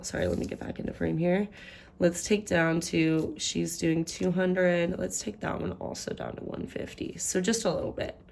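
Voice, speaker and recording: Gravelly low-voiced woman budgeting aloud. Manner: chatty, thinks aloud while doing sums. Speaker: budgeting vlogger. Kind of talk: casual budget walkthrough.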